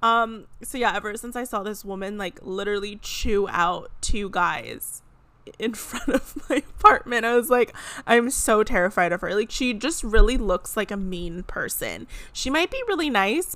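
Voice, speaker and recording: A young woman talks through a casual solo podcast rant, chatty and animated, with lots of fillers. Her voice sits mid-pitch. The recording is dry, with no room sound. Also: no echo. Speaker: podcast host. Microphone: podcast microphone.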